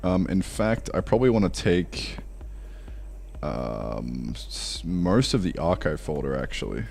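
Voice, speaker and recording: A man's voice: low-pitched, big pitch swings, measured pace, creaky, darkish tone, slight background noise. A man thinking aloud in casual live-stream chat while he programs, mumbling along with fillers.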